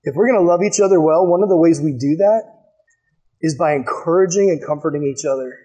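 A man preaching to his congregation with a notably high voice. He tells stories animatedly, jumping into the voices of the people he quotes, then settles into reading scripture aloud. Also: fast, dull audio. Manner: animated storytelling, acts out quotes in a higher voice. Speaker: pastor. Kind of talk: sermon with personal story.

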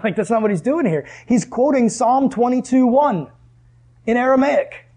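Husky-voiced man preaching to a room. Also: very high voice, normal speed. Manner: conversational, asks the room questions, drops to hushed tones for emphasis. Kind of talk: sermon.

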